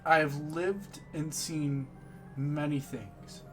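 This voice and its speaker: A man running a tabletop game, narrating and introducing characters at an unhurried crawl. His voice sits a little high for a man, with soft music playing faintly behind him. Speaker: game master.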